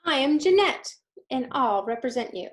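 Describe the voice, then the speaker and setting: A bossy little girl with a high, pushy voice, as a woman reading aloud puts her on. She speaks slowly and firmly, leaning hard on each word. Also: sing-song. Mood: insistent.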